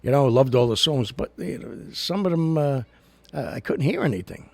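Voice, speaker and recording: A man's voice: mid-range voice, expressive, normal speed, gravelly, a little mellow, dry recording. A man hosting a casual livestream, talking to his viewers in a rambling, chatty way and ranting at times. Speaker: host. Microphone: studio recorder mic.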